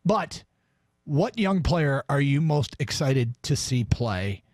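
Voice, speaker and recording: A man's voice: medium pitch, big pitch swings, slow pace, a little mellow, no room sound, studio quality. Man hosting a sports radio talk segment. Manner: chatty, runs the segment, reads the call-in number. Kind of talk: casual sports radio chat.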